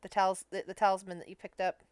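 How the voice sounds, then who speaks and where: A woman's voice: medium pitch, level tone, fast talker, clean tone, no room sound. A woman running a tabletop game as game master, thinking aloud as she narrates and often restarting her sentences.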